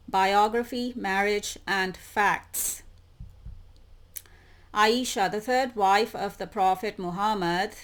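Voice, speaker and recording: Slow-spoken woman musing over articles. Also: medium pitch. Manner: slow, musing, stresses words by repeating them. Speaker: YouTube channel host. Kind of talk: reading and commenting on web articles.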